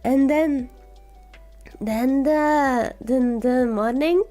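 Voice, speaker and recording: Sick woman, soft slow cozy chat. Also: sits high, soft background music. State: sick, sore scratchy throat. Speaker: vtuber streamer. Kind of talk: casual chat.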